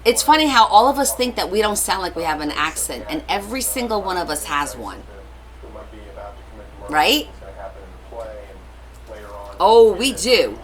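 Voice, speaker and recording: With a medium-pitched, sing-song, fairly bright voice at a moderate pace, this woman hosts a relaxed crafting live stream. She reads viewer comments as she works, joking around and laughing frequently.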